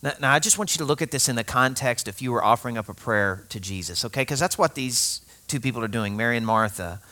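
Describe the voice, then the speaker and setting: A man preaching a sermon, telling a personal story in a lively, conversational way, often laughing and speaking straight to his listeners. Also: medium pitch, quick pace. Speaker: pastor.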